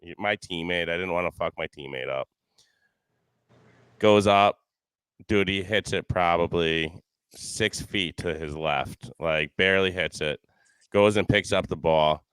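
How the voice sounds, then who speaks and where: A man guest on a podcast, telling a story in an animated, laughing way. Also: deep voice, a little slow, clear, resonant tone, dry recording. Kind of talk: casual storytelling.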